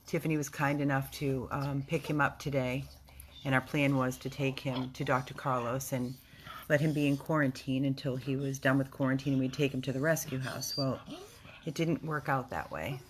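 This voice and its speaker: A woman dog rescue volunteer giving a casual video update from a rescue house, talking in an emotional, halting way with restarts. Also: rumbling low, steady tone, a little hiss or hum.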